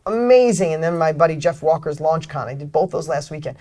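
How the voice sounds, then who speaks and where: A middle-aged man speaks with fired-up motivational energy in an interview. He is emphatic, and his voice swings widely between loud, high bursts and low, quiet asides. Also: animated, brisk. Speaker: guest, author and speaker.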